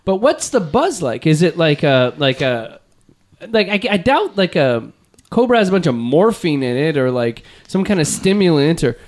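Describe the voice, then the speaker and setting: Man, podcast host, tipsy, rambling, swears freely, slightly high voice. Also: big pitch swings, moderate pace. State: a bit drunk. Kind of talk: casual comedy podcast banter.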